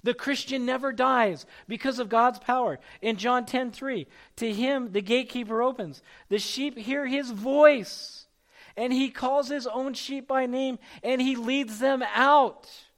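Guy preaching a sermon, pretty high voice, gets loud and punchy, reads scripture out. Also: unhurried. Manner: preaching with rising intensity, calling out names. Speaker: pastor.

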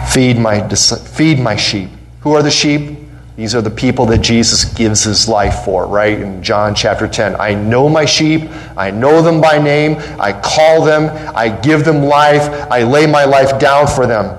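A man's voice: mid-range voice, unhurried, low-quality recording. Man preaching with rising fervor. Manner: impassioned preaching, voice rising on questions and quotes; repeats phrases for emphasis. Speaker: pastor. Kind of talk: sermon. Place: church sanctuary.

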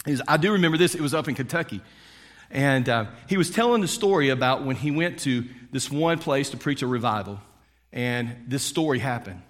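A man's voice: mid-range voice, expressive, fairly quick, fairly bright tone. A male preacher tells a sermon story in a loose, chatty way, full of fillers. His voice sits in a middle register. Long reverb from a large hall hangs after his words. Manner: conversational, with frequent fillers.

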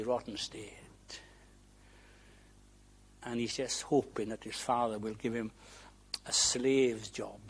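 A man preaching a sermon, earnest and imploring, moving between hushed soft passages and loud, fervent appeals. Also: mid-range voice, breathy edge.

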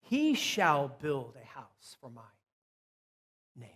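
A man preaching a sermon with emphasis, repeating key phrases and dropping to soft asides. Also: mid-range voice, wildly swooping pitch, slow, slightly rough, in a large hall. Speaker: pastor.

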